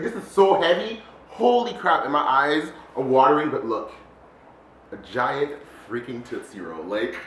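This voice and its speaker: A man chatting excitedly in a casual DIY vlog, full of fillers and exclamations. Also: on the high side, echoey room, a little hiss or hum. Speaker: DIY candy vlogger.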